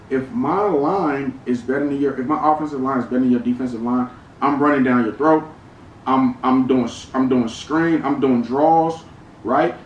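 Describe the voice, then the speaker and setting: A man's voice: medium pitch, distant mic, highs cut off, slight background noise. A man hosting a casual football reaction video, chatty and laughing easily as he repeats clips and talks through matchups. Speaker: sports video host. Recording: echoey room, off-mic, music behind.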